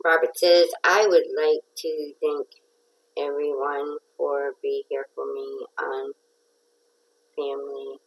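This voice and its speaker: Slow-talking nasal woman host. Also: low-pitched, flat delivery, poor audio. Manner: chatty, greets viewers by name, drawn-out words. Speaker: craft livestream host. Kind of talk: casual livestream chat.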